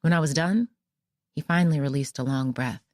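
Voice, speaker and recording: A woman narrating a mystery audiobook in the first person, with measured storytelling. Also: low voice, no room sound, clean studio sound.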